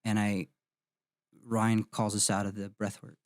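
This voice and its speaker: A man in his thirties, a podcast host, telling a painful personal story in an emotional, halting way with many restarts. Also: lowish voice, level tone, dry recording, studio quality.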